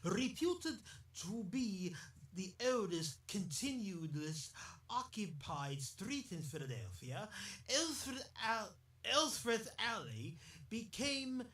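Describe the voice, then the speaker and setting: High, lively man in an echoey room. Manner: chatty and jokey, laughs often, breaks into silly asides. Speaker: podcast host. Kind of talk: rambling solo podcast chat. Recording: echoey room, distant mic.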